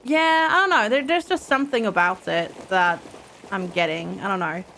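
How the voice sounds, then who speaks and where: A woman's voice: mid-range voice, normal speed, bright, forceful tone, a little hiss or hum. A woman streaming a video game, chatting casually with her viewers, giggling, and reading in-game books aloud. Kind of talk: casual gameplay commentary.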